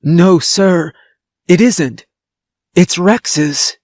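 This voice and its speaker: A man's voice: high-pitched, very slow, a little mellow, no echo, pitched above the performer's own voice. A man voicing a frightened teenage boy who stammers and pleads, in a storybook reading. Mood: frightened pleading.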